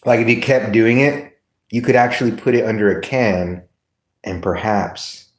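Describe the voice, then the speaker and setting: A man's voice: lowish voice, normal speed. A man live streaming, chatting casually with viewers in a rambling, laughing way with plenty of swearing. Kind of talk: casual livestream chat.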